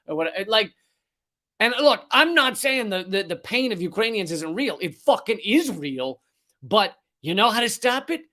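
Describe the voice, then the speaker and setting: A high-pitched man tears into his subject in a heated, satirical rant. His talk is profane and sarcastic, full of scorn. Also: big pitch swings, normal speed, pushed and bright. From United States. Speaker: comedy news show host. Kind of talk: ranting satirical commentary.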